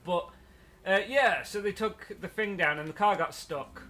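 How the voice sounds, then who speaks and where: With a bright, forceful voice that sits high, a let's play host talks unhurriedly while gaming. The chat is casual, full of rambling stories and plenty of laughter.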